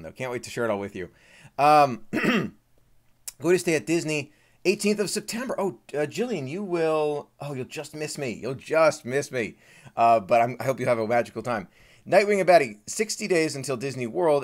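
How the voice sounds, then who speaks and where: Upbeat man chatting on a live stream. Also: medium pitch. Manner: friendly, reads out viewer names and countdowns, gets choked up at times. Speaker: Disney vlogger hosting a live Q&A. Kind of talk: casual live-stream chat greeting viewers.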